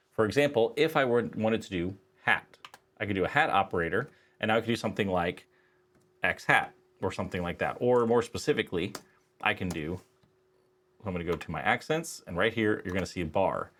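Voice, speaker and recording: A low-voiced man gives a screen-recorded software lesson for a statistics class. He talks casually and walks through each click step by step, filling pauses as he goes. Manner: casual, explains step by step with fillers. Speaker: statistics instructor.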